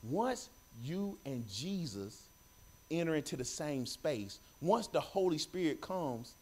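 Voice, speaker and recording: A man preaching a sermon in church, animated, repeating phrases and calling for responses from the congregation. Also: a little high, slow.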